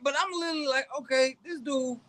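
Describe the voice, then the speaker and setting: A man in his forties co-hosts a casual wrestling talk show, telling stories emphatically, heavy on slang and repeating himself. His voice is very high and he speaks fast.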